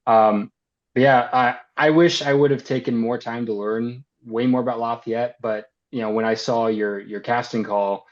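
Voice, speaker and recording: A man's voice: medium pitch, steady tone, moderate pace. A man, an actor and filmmaker, chatting casually as an interview guest, easygoing and rambling, with many ums and likes. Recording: slightly dull lo-fi sound.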